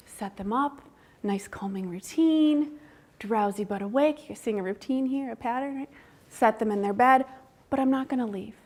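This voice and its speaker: High-voiced woman giving a casual seminar talk. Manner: conversational, frequent tag questions; acts out parents' lines in a soft whisper. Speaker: university researcher giving a seminar.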